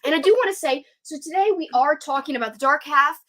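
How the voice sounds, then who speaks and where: A woman's voice: high-pitched, fast talker, fairly bright tone. A young woman hosting a casual live stream, chatty and giggly as she talks with her guest. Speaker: host.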